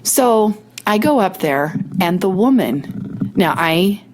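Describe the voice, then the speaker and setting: A woman's voice: mid-range voice, animated, takes it slowly, a little mellow, slight background noise. A middle-aged woman hosting a podcast, telling a personal story in casual chat with quoted dialogue and self-mocking asides, getting over a cold. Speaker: podcast host.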